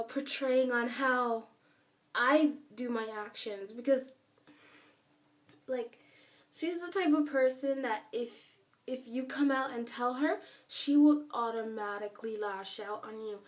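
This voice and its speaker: A woman vlogger telling a story in a casual, rambling way, filling her speech with "like" and stressing her points hard. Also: on the high side. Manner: rambling and emphatic, heavy use of filler "like". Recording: voice a bit far from the mic.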